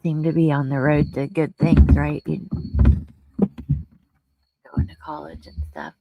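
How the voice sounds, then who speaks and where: A woman's voice: deep voice, very animated, a little slow, phone-quality sound, heavy background noise. A woman hosting a casual livestream, talking to her viewers in an earnest, openly emotional and chatty way as she goes through news and reads the chat. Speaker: livestream host.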